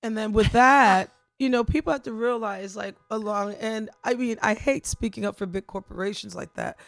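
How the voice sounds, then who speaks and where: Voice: medium pitch, moderate pace, gravelly, a bit bright, no room sound. A podcast co-host chatting casually, rambling with lots of fillers and restarts. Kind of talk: casual chat.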